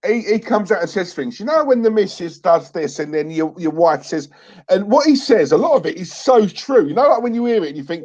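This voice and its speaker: A man's voice: high-pitched, animated, a little fast, darkish tone, muffled recording. A man co-hosting a live stream, chatting casually and laughing often. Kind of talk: casual chat.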